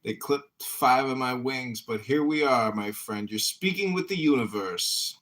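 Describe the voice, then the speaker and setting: A man's voice: medium pitch, expressive, a little slow, fairly bright tone. A man hosting a casual online audio chat, greeting people effusively and repeating catchphrases. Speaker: political candidate hosting an audio chat room.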